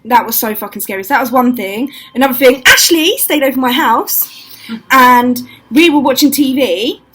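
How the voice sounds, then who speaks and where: A woman's voice: sits high, normal speed, breathy edge, poor audio. A young woman telling ghost stories to camera in casual, swear-filled chat, acting out what people said. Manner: swears a lot, acts out quotes, animated.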